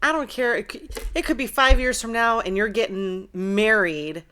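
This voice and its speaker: A woman's voice: fairly high pitch, normal speed, fairly bright tone, clean tone. A woman hosting an interview show, chatty and affirming, with frequent fillers. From United States. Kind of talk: casual interview.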